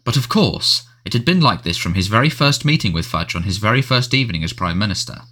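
A man narrates a storybook in a measured, expressive way. His voice sits low but moves a lot in pitch. The tone is bright and forward. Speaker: audiobook narrator.

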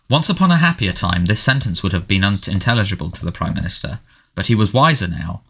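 A male audiobook narrator with a lowish but bright, forceful voice. He reads in a measured, expressive way, and his pitch moves a great deal. The delivery is steady scripted narration. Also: creaky.

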